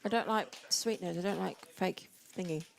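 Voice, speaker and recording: A woman's voice: fairly low pitch, a little fast, vocal fry. A woman giving casual live poker commentary, chatty and playful in her banter.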